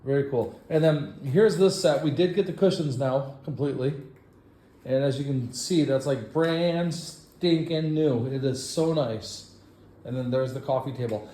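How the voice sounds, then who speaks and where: A man walks the viewer through a house set up for an estate sale, speaking slowly and at an average pitch for a man. His tone is playful and self-mocking, and he bursts into excited exclamations as he points things out. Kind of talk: walk-through tour narration.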